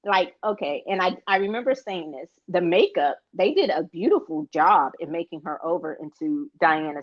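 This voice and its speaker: Rambling, frank woman, dull lo-fi sound. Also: on the low side. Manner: frank, rambling, swears freely. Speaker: podcast co-host. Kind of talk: casual chat. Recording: dull lo-fi recording.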